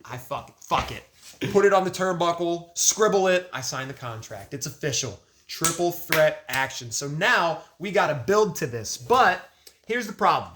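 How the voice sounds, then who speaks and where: Bright-voiced young man telling stories. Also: on the high side, moderate pace, a little hiss or hum. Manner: animated, laughs often, swears casually. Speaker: guest. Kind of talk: casual podcast storytelling.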